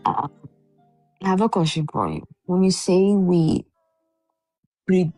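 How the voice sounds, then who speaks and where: A woman's voice: lowish voice, takes it slowly, long pauses, warm tone, no echo, soft background music. A woman joining a live talk show with a sleepy morning voice, asking probing, challenging questions. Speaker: caller.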